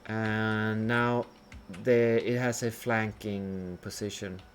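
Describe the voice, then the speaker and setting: A man's voice: fairly low pitch, little pitch movement, slow pace, slight background noise. A man streaming a building game, rambling and questioning himself as he thinks aloud. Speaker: gameplay streamer. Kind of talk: casual gameplay commentary.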